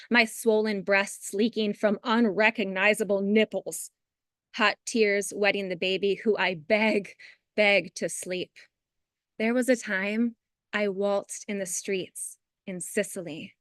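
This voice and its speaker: A woman in her thirties, a poet, chatting brightly and then reading her poems over a video call. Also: mid-range voice, dry recording, clean studio sound. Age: 30s.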